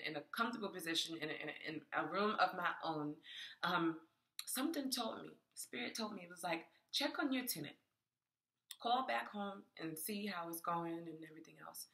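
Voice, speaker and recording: Woman vlogger, lowish and bright, animated, casual storytelling, echoey room. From New York. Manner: animated, chatty, addresses viewers as y'all, laughs often. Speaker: spiritual vlogger and tarot creator.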